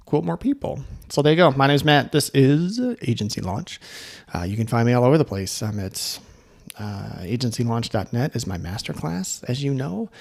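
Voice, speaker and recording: A man's voice: medium pitch, a little mellow. Middle-aged male podcast host, casual coaching tone, friendly sales-tips delivery. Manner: upbeat, coaching, full of fillers and asides.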